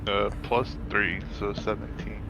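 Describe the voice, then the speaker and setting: A man taking part as a player in a tabletop game, speaking haltingly. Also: fairly low pitch, little pitch movement, gravelly, over music, low-quality recording.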